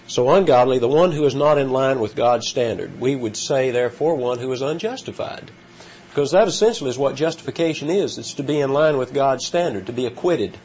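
A man giving an expository Bible lesson, explaining word meanings in a measured way with frequent pauses and fillers. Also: mid-range voice, a little mellow, breathy edge. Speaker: Bible teacher. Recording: slightly dull lo-fi recording with faint ambience.

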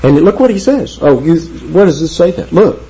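A man preaching through a Bible passage verse by verse, his voice warm and a little husky. He leans on key words and slows right down when he reads scripture aloud. The recording sounds dull and lo-fi. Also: a little high, very animated. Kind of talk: expository Bible teaching.

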